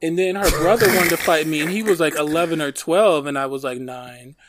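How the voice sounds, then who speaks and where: A man's voice: on the high side, a little fast, very noisy. A man in his thirties from Detroit, telling rambling stories in casual chat with lots of fillers. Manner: animated storytelling, lots of fillers.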